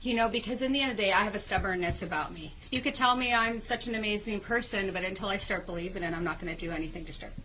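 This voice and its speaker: A woman's voice: mid-range voice, very fast, hardly any pauses, bright, forceful tone, low-quality recording. An earnest woman speaks as an interview guest in an ordinary mid-range voice. She often restarts her sentences and leans on fillers. A faint hiss of noise sits under her voice. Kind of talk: personal story in an interview.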